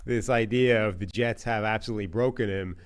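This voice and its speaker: A man's voice: lowish voice, brisk. A man co-hosting a sports podcast, arguing his points in a dry, dismissive way. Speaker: podcast co-host. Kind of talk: casual sports chat.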